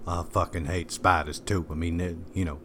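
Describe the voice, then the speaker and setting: A man's voice: low-pitched, steady tone, moderate pace, pushed and bright, slight background noise. A man playing a tabletop game in casual chat, often hesitant and stammering. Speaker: player. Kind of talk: casual role-play chat.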